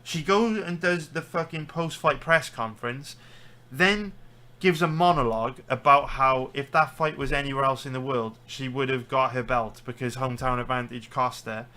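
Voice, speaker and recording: A man's voice: medium pitch, moderate pace, sharp tone. A man with a British accent, a sports betting streamer, ranting heatedly and swearing through live stream commentary. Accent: British English.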